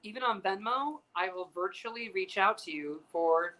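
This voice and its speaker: Hosting a casual chat show from a piano bar, a man tells stories in a campy, chatty style, swearing freely and doing animated voices for the people he quotes. His voice sits high, his speed is normal, and the audio is poor.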